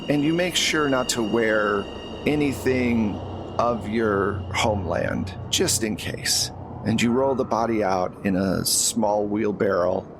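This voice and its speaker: A man running a tabletop game, narrating in a measured second-person style. He talks slowly with a creaky, gravelly texture. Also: on the low side, background noise. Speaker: game master.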